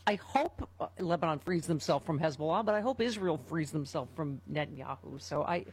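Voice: medium pitch, animated, brisk, husky. A host leading a casual political chat, conversational and wry with an exasperated edge.

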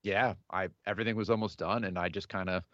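A man in his thirties, a musician, answering interview questions casually, in a halting way with many fillers and restarts. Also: low-pitched, fairly even intonation, fairly bright tone, no room sound, highs cut off. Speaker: musician guest.

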